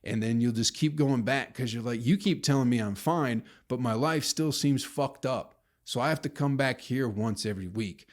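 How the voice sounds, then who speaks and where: A man's voice: medium pitch, normal speed, few pauses. A man hosting his own podcast, rambling and ranting with heavy swearing and mocking impressions of people. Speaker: podcast host. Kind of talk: solo rambling podcast monologue.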